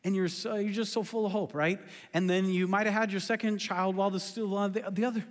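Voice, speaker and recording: A male pastor preaching a sermon in a church, animated and joking, poking fun at himself. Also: high voice, quick pace. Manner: animated, joking, self-deprecating. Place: church sanctuary. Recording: long hall reverb.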